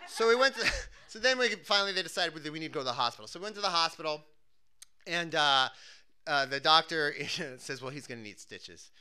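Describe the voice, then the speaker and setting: A man's voice: a little high, animated, fairly quick, pushed and bright, smooth. A man telling a funny personal story, acting out the scenes with cries and screams.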